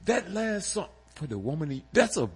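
A man's voice: high voice, very animated, moderate pace, slightly rough. A man hosting a radio music show, bantering in a jokey, theatrical way and laughing easily. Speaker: radio host.

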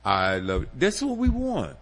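A man's voice: medium pitch, wildly swooping pitch, measured pace, fairly bright tone. A man hosting a radio music show, bantering in a jokey, theatrical way and laughing easily. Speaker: radio host.

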